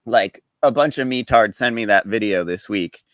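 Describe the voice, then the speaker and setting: A man's voice: on the low side, moderate pace, fairly bright tone, dry recording. A man ranting in exasperation on a livestream, mocking the people he quotes. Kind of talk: casual livestream rant.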